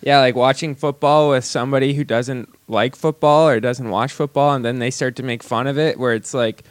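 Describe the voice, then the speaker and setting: A man's voice: fairly even intonation, moderate pace, hardly any pauses, dry recording, clean studio sound. A man in his thirties, co-hosting a casual comedy chat, joking and swearing freely. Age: 30s. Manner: joking, swearing, slips into mocking high voices. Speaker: podcast co-host.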